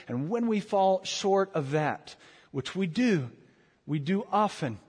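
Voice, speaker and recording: High-voiced male pastor preaching in a hall. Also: a little slow, husky. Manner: conversational preaching with emphatic repetitions. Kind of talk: sermon. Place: church sanctuary. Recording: long hall reverb.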